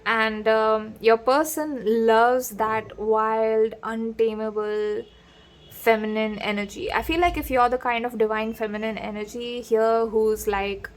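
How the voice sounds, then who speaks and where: Woman with a slightly high voice giving a tarot reading. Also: fairly even intonation, measured pace. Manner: digressive, addresses the listener directly with frequent asides. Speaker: tarot reader. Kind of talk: casual spoken tarot reading.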